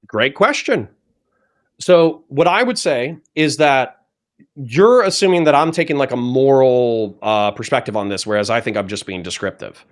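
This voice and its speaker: A man arguing as a guest in a heated political debate, forceful, combative and profane. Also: mid-range voice, expressive, moderate pace.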